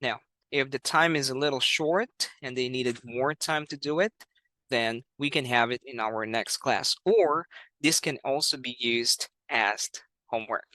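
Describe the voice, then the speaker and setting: Male teacher, explanatory and patient, bright ringing voice, dry close recording. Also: mid-range voice, measured pace, no echo, rough recording. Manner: clear, patient, with frequent "all right" and "you know". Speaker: English teacher.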